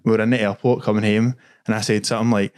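A man's voice: on the low side, level tone, racing, darkish tone. A young man with a Glaswegian Scottish accent, hosting a casual podcast chat full of swearing and laughter. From Scotland. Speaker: podcast host.

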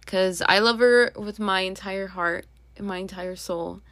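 A woman's voice: mid-range voice, steady tone, unhurried, fairly bright tone, no room sound. A young woman hosting a podcast, rambling in a candid, confessional way, swearing casually and at times dropping to a whisper. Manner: rambling and confessional, drops to a whisper at sad moments. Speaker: podcast host. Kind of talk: personal monologue.

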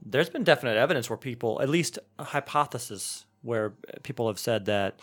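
A man's voice: mid-range voice, expressive, fairly quick. A middle-aged man co-hosting a podcast, chatting casually and rambling with frequent restarts. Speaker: podcast co-host.

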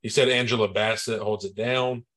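A man's voice: lowish voice, fairly even intonation, moderate pace, a bit bright. A man co-hosting a movie podcast, talking in a laid-back, matter-of-fact casual chat. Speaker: podcast co-host.

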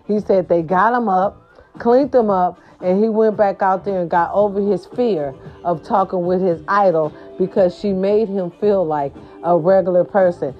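On her own show, a female host chats about celebrity gossip in a medium-pitched voice at a moderate pace, sassy and casual with bits of slang. Faint music plays under a dull, lo-fi recording.

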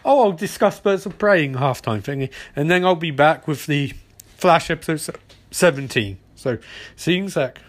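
Male podcast host, slightly high voice, loose rambling recap with bursts of put-on character voices. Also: lively intonation. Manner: rambling, acts out characters' lines in quick voices. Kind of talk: casual episode recap.

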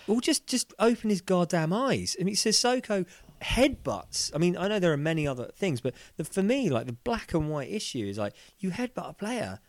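Man, podcast co-host: animated, laughing, swears freely, dry close sound. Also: high voice, moderate pace, few pauses, no room sound. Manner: animated, laughing, swearing, lively mock voices. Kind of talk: casual chat.

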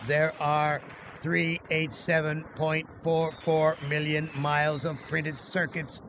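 A man voicing a cruel, hate-filled male supercomputer in a slow, flat robotic monotone. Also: on the high side, background noise, voice pushed up. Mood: hateful.

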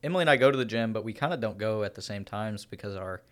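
A man co-hosting a relaxed podcast, chiming in with easygoing comments and frequent chuckles. His tone stays casual and conversational. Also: on the low side, rapid-fire. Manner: laid-back, chuckling, chiming in. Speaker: podcast co-host. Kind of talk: casual chat.

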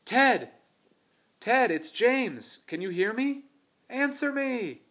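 A man's voice: fairly high pitch, expressive, moderate pace, voice pushed up. A man reading aloud voices a frightened boy who takes charge and calls out urgently for his lost friends. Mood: panicked shouting. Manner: urgent, shouting.

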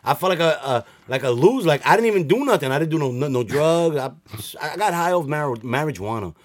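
A man co-hosting a podcast in casual chat, joking and animated, breaking into sung lines and loud laughs. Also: on the high side, fairly quick. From the Bronx, New York. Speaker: podcast co-host.

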